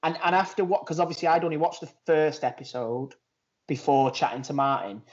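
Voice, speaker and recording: A man's voice: a little high, steady tone, a little fast, dull audio. A man with a Manchester accent co-hosting a podcast in casual chat, talking from outside in a garden. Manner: chatty, laughing, trailing off. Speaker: podcast co-host. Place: outdoors in a garden.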